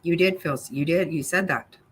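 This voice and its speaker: Husky, blunt woman livestream host. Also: low voice, normal speed. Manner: blunt, angry, swears freely, addresses viewers by name. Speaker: livestream host reading chat. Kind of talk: casual live chat commentary.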